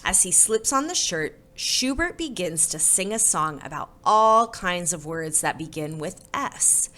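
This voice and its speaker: Expressive woman storybook reader. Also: lowish voice, a little slow, few pauses. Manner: expressive, conversational, says "right?". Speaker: storybook reader and parenting presenter. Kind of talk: children's storybook reading then parenting tips.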